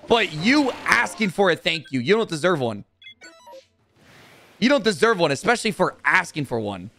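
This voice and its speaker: Bright-voiced, blunt, swearing male streamer. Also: sits high, big pitch swings, normal speed, creaky, soft background music. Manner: blunt, profane, heated rants at chat. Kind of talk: live-stream chat while gaming.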